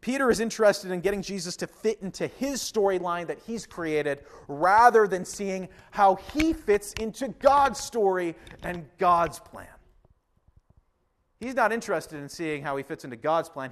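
A man's voice: sits high, lively intonation, normal speed. A man preaching a sermon in an earnest, emphatic manner, speaking directly to his listeners. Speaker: pastor.

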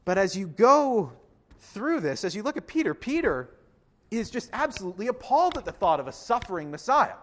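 A man's voice: high-pitched, big pitch swings, a little fast. A man preaching a sermon in an earnest, emphatic manner, speaking directly to his listeners. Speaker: pastor.

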